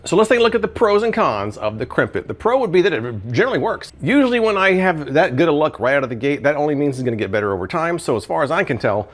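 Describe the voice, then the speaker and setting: A man's voice: fairly high pitch, sing-song, fast, hardly any pauses. A man chatting casually in a home kitchen as he tests and reviews kitchen gadgets, thinking aloud while he cooks. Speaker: product reviewer. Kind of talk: casual cooking review vlog.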